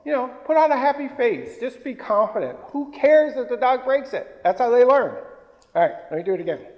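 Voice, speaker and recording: A man's voice: very high voice, expressive, fairly quick, lo-fi sound. A man dog trainer giving a hands-on lesson, mixing short firm commands with cooing praise for the dogs. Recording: long reverb, roomy hall.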